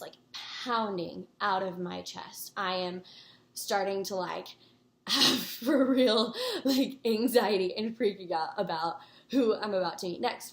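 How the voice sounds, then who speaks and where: Chatty young woman in an echoey room. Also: medium pitch. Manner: rambling, excitable, fillers like "like" and "guys". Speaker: vlogger. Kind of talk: casual storytelling to camera.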